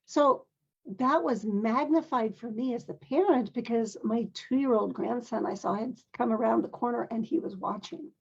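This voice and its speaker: An older woman, a parent and grandmother, telling a personal story in a gentle, earnest, measured way, now and then clearing her throat. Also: fairly high pitch, dull audio.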